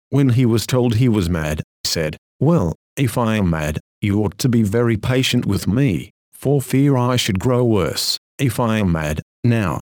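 A man reading a sermon aloud in an earnest, measured manner of exhortation. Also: mid-range voice, darkish tone, no echo, clean studio sound. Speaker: preacher.

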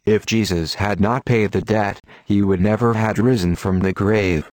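A man's voice: lowish voice, steady tone, moderate pace, a little mellow, no echo. A man delivering an old-fashioned sermon in a solemn, declamatory way. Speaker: preacher. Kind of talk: Victorian sermon reading.

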